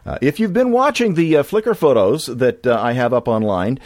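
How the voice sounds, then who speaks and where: A man's voice: medium pitch, very animated, normal speed, darkish tone, dry recording, studio quality. A man from California hosting a podcast in a casual, rambling monologue with many restarts. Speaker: podcast host.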